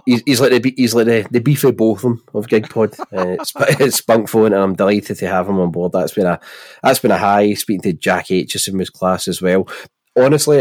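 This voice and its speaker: A Scottish-accented man with a nasal voice co-hosts a football podcast, keeping the chat casual, jokey and rambling while laughing often. His voice sits on the low side, and the recording is dry.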